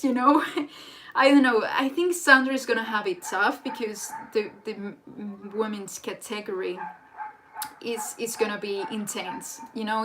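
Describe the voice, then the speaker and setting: A young woman, a native Spanish speaker, hosting a casual live chat in an excitable, rambling way. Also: a little high, slight background noise. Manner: excitable and rambling, with frequent restarts. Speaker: livestream host. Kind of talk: casual live chat reading viewer comments.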